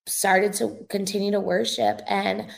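A young woman guest with a gravelly, slightly fried texture, her pitch sitting in an ordinary middle range. She talks through an earnest, emotional testimony in a loose conversational way, as a revivalist minister being interviewed. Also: little pitch movement, a little slow.

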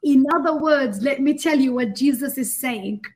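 Woman, high voice, guest minister, emphatic, preaching tone, talks to the host. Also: normal speed, darkish tone, a little hiss or hum. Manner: fervent and emphatic, addresses the host directly. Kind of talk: interview answer in a preaching manner.

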